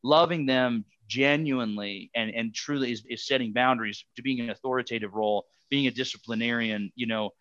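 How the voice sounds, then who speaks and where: A man with a bright, forward voice rambles through stories as a podcast guest, scattering fillers as he goes. The sound is dry and a little dull, like a lo-fi remote mic. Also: medium pitch, a little fast, hardly any pauses, dry recording. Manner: rambling, filler-heavy storytelling. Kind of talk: casual podcast chat.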